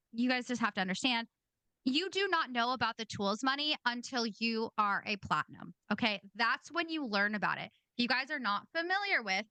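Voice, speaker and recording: A woman's voice: a little high, pushed and bright, no room sound. A woman hosting a podcast, giving blunt, casual commentary and swearing freely. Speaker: podcast host.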